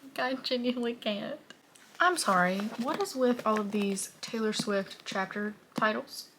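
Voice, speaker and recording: A woman's voice: fairly high pitch, measured pace, a bit bright, a little hiss or hum. A young woman talking through her reading in a casual vlog, emotional and often dropping to a whisper. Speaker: book vlogger.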